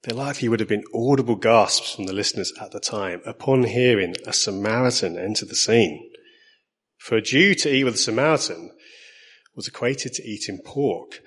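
A man with an Essex accent giving a sermon, measured and earnest, slowing down to stress key lines. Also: on the low side, a bit bright, breathy edge. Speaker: preacher.

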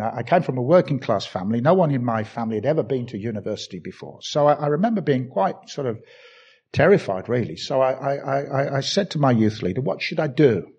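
An older preacher from Birmingham delivers a lively sermon with wide, swinging pitch and emphatic repetition. His voice is a touch husky. The recording is somewhat dull and lo-fi. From England. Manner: animated, repetitive emphatic preaching with self-deprecating asides.

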